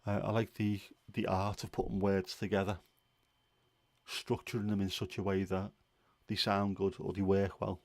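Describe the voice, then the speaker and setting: A man talks in a low, fairly flat voice. He hosts a casual chat and wanders from thought to thought, with fillers and restarts. The sound is dry and close. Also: moderate pace, dry recording. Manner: rambling, musing, with many fillers and restarts. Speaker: livestream host.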